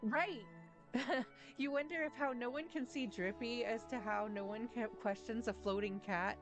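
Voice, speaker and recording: A woman's voice: a little high, moderate pace, soft background music. A woman streamer giving casual, giggly, chatty commentary while playing a game.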